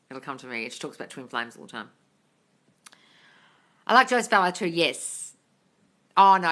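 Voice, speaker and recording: A woman's voice: very deep voice, bright, forceful tone. A woman hosting a live stream, reading viewer comments aloud and answering them bluntly, swearing freely and calling viewers darling. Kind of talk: casual chat reading comments.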